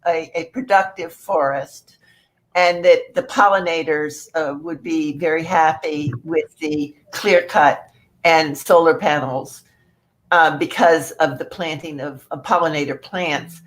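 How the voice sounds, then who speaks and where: A woman's voice: deep voice, fairly even intonation, unhurried. A woman speaking as a panelist, earnest and stammering with frequent restarts. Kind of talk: panel discussion.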